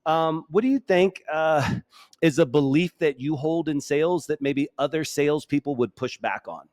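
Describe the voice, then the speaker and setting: A man's voice: fairly high pitch, normal speed, a little mellow, no room sound. A man hosting a sales podcast, enthusiastically affirming and building on his guest's points. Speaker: podcast host. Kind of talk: podcast interview.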